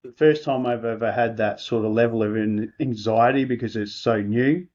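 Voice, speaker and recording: A softly spoken Australian man, a guest in a casual podcast chat, his voice at an ordinary middle pitch. He talks hesitantly, pausing and restarting often. The recording sounds a little dull.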